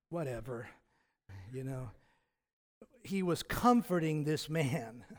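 A man with a slightly higher-than-usual voice delivers a sermon as a pastor. His preaching is reflective and conversational. He often stumbles and restarts mid-phrase as he works through his points.

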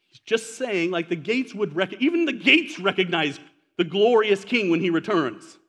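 A man's voice: high-pitched, fairly bright tone. A man in his forties preaching a sermon as a pastor, talking to the congregation with rhetorical questions and casual asides. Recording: hall reverb.

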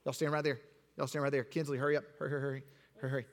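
A man teaching children a Bible lesson, acting out the story and directing the kids with quick, repeated commands. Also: mid-range voice, flat delivery. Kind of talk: interactive acted-out Bible lesson. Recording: long hall reverb.

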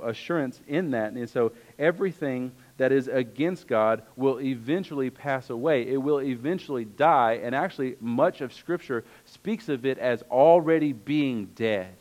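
A man's voice: medium pitch, a little mellow, rough recording. Conversational man preaching a sermon. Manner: earnest, conversational preaching with asides. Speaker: pastor.

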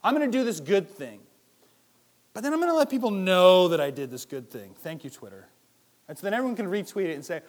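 A pastor delivers a sermon in a lively, conversational style, his high voice moving briskly as he fires off rhetorical questions. He swings back and forth between loud passages and hushed ones.

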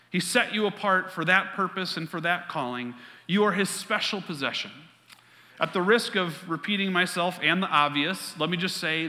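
Male pastor, emphatic sermon, fairly high voice, long hall reverb. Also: pushed and bright. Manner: emphatic preaching, repeats key lines, quick asides.

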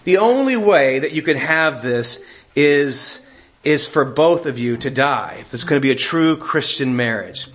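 A man's voice: a little high, expressive, a little slow, fairly bright tone, lo-fi sound. A middle-aged man preaching a sermon in an earnest way, laughing often and repeating words as he searches for them. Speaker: pastor.

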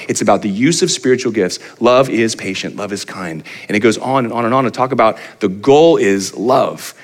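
Forty-something guy preaching a sermon, lively, keeps asking the crowd questions, average pitch. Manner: animated, pitch rising for emphasis, asks the crowd rhetorical questions. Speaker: pastor.

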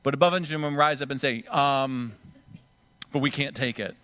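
A man's voice: medium pitch, unhurried, sharp tone, clean tone, dry recording. A man preaching a sermon, acting out the scripture voices dramatically. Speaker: pastor.

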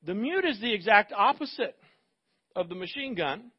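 A man's voice: high voice, sing-song, normal speed, husky, highs cut off. A man preaching a sermon as pastor, conversational and emphatic, with rhetorical asides to the congregation.

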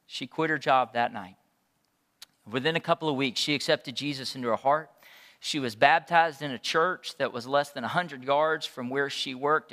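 A man's voice: a little high, fairly bright tone. A man preaching a passionate sermon, retelling scripture dialogue with rising intensity. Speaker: pastor. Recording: large hall reverb.

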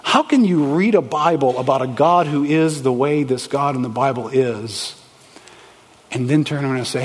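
A man preaching a sermon as a pastor, animated and conversational, asking the congregation rhetorical questions. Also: mid-range voice, normal speed, slightly rough. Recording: echoey hall, long reverb.

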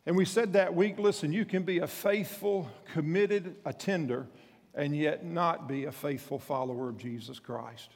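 Folksy pastor in a reverberant hall. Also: male voice, a little high, moderate pace, creaky, a little mellow. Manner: folksy storytelling with repeated restarts. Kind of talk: sermon.

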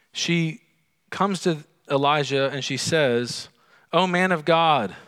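A pastor preaching a conversational sermon to his congregation, swinging from loud and emphatic to quiet and hushed, often asking the listeners questions. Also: fairly high pitch.

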